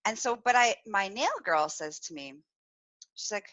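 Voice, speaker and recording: A woman's voice: mid-range voice, quick pace, dull audio. A woman hosting a live podcast, telling a story with lots of laughter and acted-out quoted voices. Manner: animated, laughs often, acts out quoted voices. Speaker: podcast host. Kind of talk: live-streamed storytelling chat.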